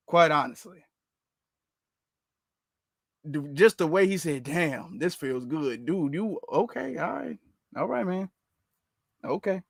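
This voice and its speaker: A man hosting a reaction commentary channel, talking in a mocking, sarcastic way with slow, drawn-out remarks. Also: high voice, gravelly, a bit bright, no room sound, studio quality.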